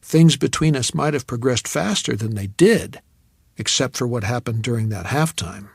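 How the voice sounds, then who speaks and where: A man reading a novel aloud in measured, reflective first-person narration on a studio mic. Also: medium pitch, animated, creaky, slightly rough, dry recording. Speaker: audiobook narrator.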